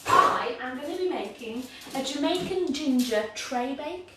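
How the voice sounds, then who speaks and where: A woman's voice: sits high, animated, measured pace. A bubbly, chatty woman from England hosting a home baking livestream, cheerful and self-mocking. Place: home kitchen. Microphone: laptop mic from across the room. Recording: very echoey room, far from mic, faint background noise.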